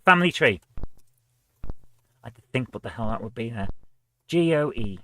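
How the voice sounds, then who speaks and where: In this casual let's-play, a retro gaming host reads quiz questions out loud and talks through his guesses. He has a medium-pitched, animated, somewhat bright voice at a moderate pace, with slight background noise.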